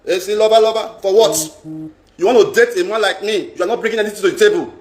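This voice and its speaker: Nigerian man, high pitch, emphatic live-stream vlogger, echoey room. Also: fast. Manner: emphatic, repeats phrases, mixes in pidgin. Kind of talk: casual live-stream rant. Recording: roomy echo.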